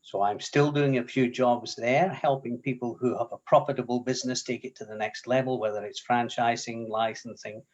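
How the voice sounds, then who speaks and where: A man's voice: mid-range voice, darkish tone. Matter-of-fact man on a dull call line. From Australia. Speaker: franchise consultant. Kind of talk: casual self-introduction. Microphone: video call. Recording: dull lo-fi video call audio.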